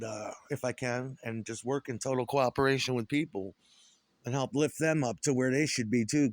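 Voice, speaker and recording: Middle-aged man, former punk musician, swearing, rambling, bitter, mid pitch, dry close sound. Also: dry recording. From upstate New York. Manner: profane, rambling, aggrieved rant with many restarts. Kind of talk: rambling solo monologue.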